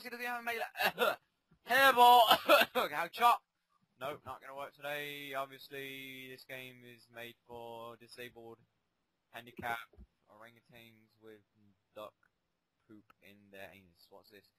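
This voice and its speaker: A young man commenting on his own gameplay, muttering asides and breaking into sudden ranting shouts. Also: fairly high pitch, low-quality recording. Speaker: gaming commentator. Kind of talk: casual game commentary.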